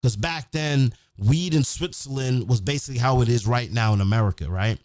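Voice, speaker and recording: A man hosting a podcast, telling stories in a casual, profane, animated way. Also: mid-range voice, a little fast, no echo, clean studio sound. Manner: profane, animated, acts out quotes. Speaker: podcast host. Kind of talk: casual storytelling.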